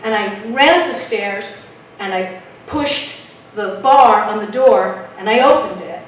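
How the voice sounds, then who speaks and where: A woman telling a spooky story at an open mic, dramatic and dropping to a hush at tense moments. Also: mid-range voice, unhurried, slight background noise. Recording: echoey room from far off.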